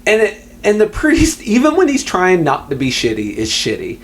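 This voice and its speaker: A man's voice: sits high, wildly swooping pitch, moderate pace. A man co-hosting a movie podcast in casual chat, recapping a film in a laid-back, wry way with frequent fillers and the odd swear word. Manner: laid-back, agreeable, lots of "yeah" and "um"; profane, wry.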